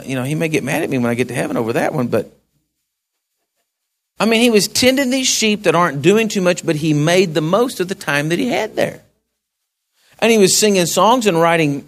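Animated preacher, high lively voice. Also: male voice. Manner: folksy, animated preaching with asides to the congregation. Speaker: pastor. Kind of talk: sermon.

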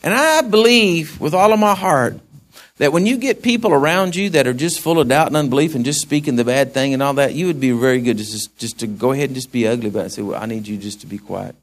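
A man's voice: on the high side, quick pace. A man preaching a sermon in a folksy way, with asides to the congregation. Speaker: pastor.

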